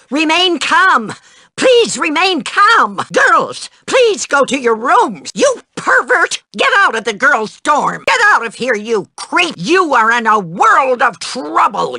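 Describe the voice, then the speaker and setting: A woman's voice: mid-range voice, sharp tone, no echo, clean studio sound, full character voice. An actress playing a prim, scolding, power-hungry female dorm matron in a video game.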